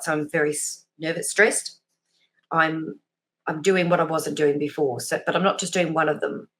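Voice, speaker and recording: A woman talks as a guest in a relaxed interview. Her voice sits a little low. She rambles a bit and laughs at herself, acting out small examples as she goes. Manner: chatty, self-deprecating, acts out little examples. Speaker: guest, behavioural profiler. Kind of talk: casual interview chat.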